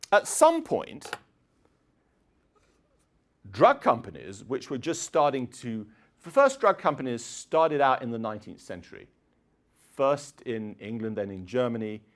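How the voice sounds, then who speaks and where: A middle-aged man giving a chatty public lecture, often clearing his throat and filling pauses with um and uh. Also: medium pitch. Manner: chatty, digressive, frequent throat clearing and fillers. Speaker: university lecturer. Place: lecture hall.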